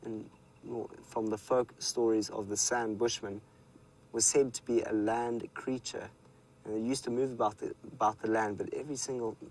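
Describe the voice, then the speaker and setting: Safari guide, male, South African accent, lowish voice, laid-back live commentary outdoors. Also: low-quality recording. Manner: relaxed storytelling, speaks to viewers. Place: outdoors in the bush.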